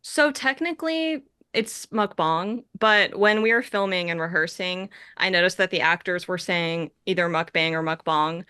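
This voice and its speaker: A woman's voice: on the low side, normal speed, hardly any pauses, bright, forceful tone, clean tone, dry recording, clean studio sound. A young adult woman director answering festival Q&A questions in a chatty, rambling way that keeps correcting itself. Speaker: film director.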